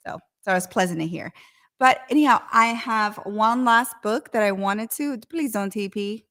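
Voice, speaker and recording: A woman's voice: mid-range voice, normal speed, fairly bright tone. A woman co-hosting a casual panel chat in English, her second language, friendly and thoughtful. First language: not English. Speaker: co-host.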